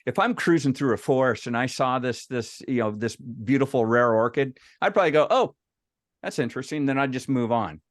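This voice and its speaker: A man with a medium-pitched voice presents casually at an online workshop meeting, talking fairly quickly with hardly any pauses. He tells anecdotes, often restarting his sentences, and puts questions to the group. The recording is dry and studio quality.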